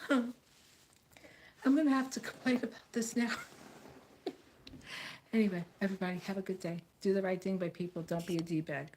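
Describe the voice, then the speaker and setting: A woman's voice: mid-range voice, moderate pace, long pauses, a little mellow, a little hiss or hum. An American woman talking straight to camera in a blunt, outspoken rant, repeating phrases for emphasis. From United States. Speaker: vlogger.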